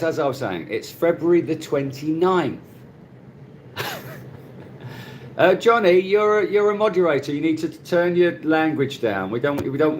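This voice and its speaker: With a slight hiss or hum on the recording, a middle-aged man with a voice on the high side hosts a casual phone live stream in Cebu, Philippines. He chats easily, says hello to viewers by name, and laughs often.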